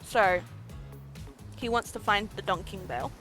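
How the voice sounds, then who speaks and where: A woman voicing a shy male killer in whispered role-play, soft and hushed. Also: medium pitch, a little slow, soft background music, pitched below the performer's own voice, close to an everyday voice.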